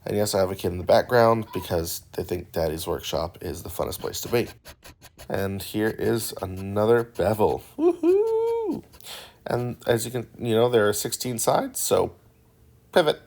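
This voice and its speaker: A man narrating a woodworking build in a relaxed, rambling voice-over, joking and poking fun at himself. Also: fairly low pitch, normal speed, creaky, a little hiss or hum. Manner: joking and self-deprecating; relaxed and rambling with filler words. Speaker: woodworking channel host.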